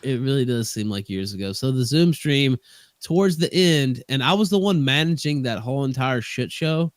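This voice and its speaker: A man's voice: mid-range voice, expressive, moderate pace, no echo, clean studio sound. A man telling a story as a guest on an online call show, rambling and hedging with many restarts. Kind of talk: casual stream chat.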